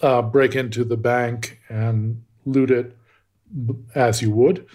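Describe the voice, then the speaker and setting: A man's voice: mid-range voice, flat delivery, slow pace, darkish tone. Wry American man telling history. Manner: wry, digressive storyteller, chuckles at his own anecdotes. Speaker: podcast co-host. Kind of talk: casual history chat.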